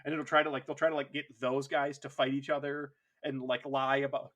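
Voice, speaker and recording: A man's voice: medium pitch, level tone, fairly quick, a bit bright. A man co-hosting a casual podcast, rambling through his points and laughing often. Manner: rambling, many fillers and restarts, laughs often. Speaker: podcast co-host. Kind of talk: casual chat.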